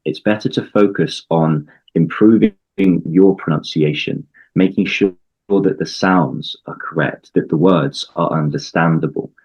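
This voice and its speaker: A man from the UK, an English coach, explaining things in a measured way in a conversational interview, with frequent ums and restarts. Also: low voice, a little mellow, breathy edge, highs cut off.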